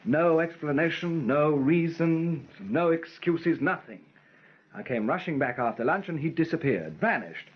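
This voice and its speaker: An actor playing an anxious, wry young aristocrat with a slightly husky voice. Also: male voice, fairly high pitch, expressive, measured pace, muffled recording. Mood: fretful. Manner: wry, fretful, clipped.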